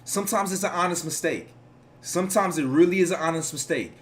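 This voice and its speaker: A man's voice: high voice, fairly quick. A man giving casual reaction commentary, rambling, profane and preachy as he lectures his audience.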